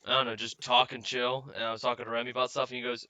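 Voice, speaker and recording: A man's voice: mid-range voice, very fast, no room sound, dull audio. A man co-hosting a casual gaming podcast, telling stories and acting out what friends said. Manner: animated storyteller who acts out quotes. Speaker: podcast co-host.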